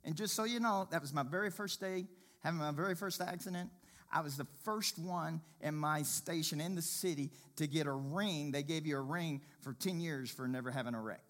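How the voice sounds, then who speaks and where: A man telling a personal faith testimony in a sermon, shifting between quiet murmurs and loud, excited exclaiming. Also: normal speed. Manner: animated storyteller, swings from low murmurs to loud exclaiming.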